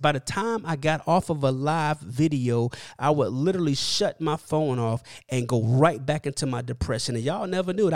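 Gravelly-voiced man preaching. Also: a little high, dry recording, studio quality. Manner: preachy, testimonial, asks listeners "hear what I'm saying". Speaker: minister. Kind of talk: video devotional message.

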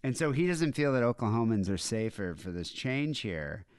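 A man's voice: medium pitch, sing-song, normal speed, clean tone, no echo, clean studio sound. Wry laid-back man. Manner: laid-back, wry, reads news aloud. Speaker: podcast co-host. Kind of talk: casual comedic chat.

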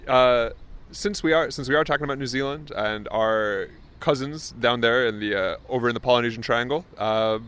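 A man's voice: mid-range voice, moderate pace, fairly bright tone, clear, resonant tone. A man co-hosting a podcast outdoors, introducing the episode with teasing jokes and casual banter. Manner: joking, teasing banter with fillers. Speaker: podcast co-host. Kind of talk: casual chat. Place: outdoors under trees.

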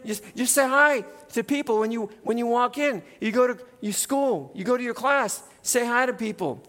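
A middle-aged male pastor preaching in a church, in a relaxed conversational way, often tagging "right?" onto his points. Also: very high-pitched, moderate pace, few pauses, in a large hall. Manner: conversational, keeps adding "right?". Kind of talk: sermon. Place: church sanctuary.

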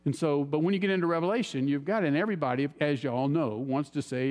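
A man preaching a sermon as an animated storyteller, acting out his own reactions. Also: mid-range voice, fairly quick. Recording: long hall reverb.

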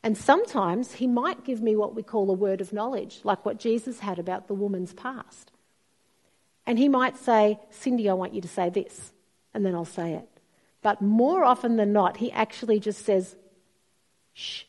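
A middle-aged woman preaches a sermon, telling stories with lots of expression and acting out the voices of the people she quotes. Her voice sits in the mid range, and she speaks at a moderate pace.

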